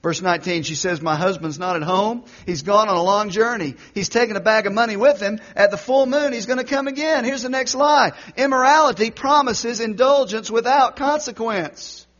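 A high-pitched male pastor preaching a sermon, swinging from shouted exhortation down to near-whispered intensity. The recording is dull and lo-fi. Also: normal speed, hardly any pauses.

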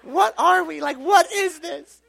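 A man's voice: unhurried, vocal fry, fairly bright tone, exaggerated voice. A man doing a sobbing, dramatic young woman. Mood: pleading. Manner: high, sobbing, wailing.

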